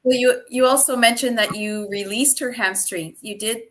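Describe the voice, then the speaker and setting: A woman's voice: fairly high pitch, moderate pace. A woman interviewer who recaps what her guest has told her. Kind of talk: casual interview.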